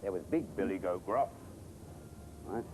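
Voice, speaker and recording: A man presenting children's TV, telling a story in a playful, animated way. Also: low voice, moderate pace, noisy background.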